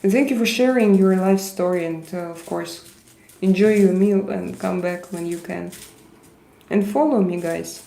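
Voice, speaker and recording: A Russian-accented woman hosts a casual livestream, answering viewers in a talkative way with frequent restarts. Her voice is mellow and relaxed. The sound is roomy, with a clear echo around her. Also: on the low side, moderate pace. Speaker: livestream host.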